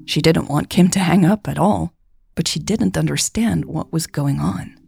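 A woman narrating a romance story in a measured, even way. Her voice is low and husky with a gravelly texture. The sound is close and dry, with faint music underneath. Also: no room sound. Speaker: podcast author and narrator. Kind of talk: audiobook fiction narration.

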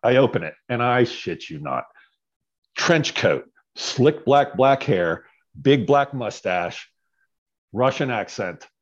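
A man casually telling a story as a podcast guest, animated and often tagging his lines with "right?". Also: medium pitch, takes it slowly, highs cut off.

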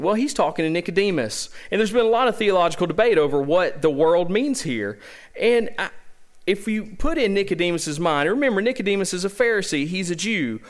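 A man with a Southern US accent preaching a sermon as pastor, asking rhetorical questions and repeating key phrases for emphasis. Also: high-pitched. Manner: opens with a slow, hushed prayer.

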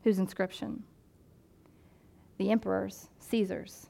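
In a mid-range voice with some vocal fry, a woman pastor preaches slowly, keeping the sermon chatty and lively. She drops in casual asides and puts on playful voices for the people she talks about.

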